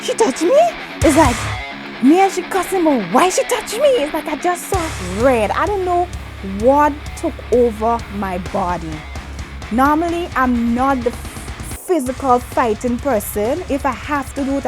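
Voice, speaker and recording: A woman, vlogging an animated, dramatic story and talking with her hands. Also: high voice, measured pace, over music. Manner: lively, dramatic retelling with acted-out quotes, talks with her hands.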